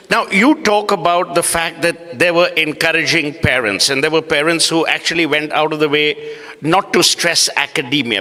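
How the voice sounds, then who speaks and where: A man's voice: on the high side, sharp tone. A man, moderating an on-stage interview in a playful, sarcastic way. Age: 60s. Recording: echoey hall.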